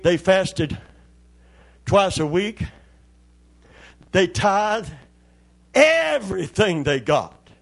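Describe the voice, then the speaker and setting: A man's voice: sits high, lively intonation, very slow, creaky, pauses often, husky. An older man, a pastor preaching a Pentecostal sermon in a church, joking in a folksy way and calling on the congregation for amens.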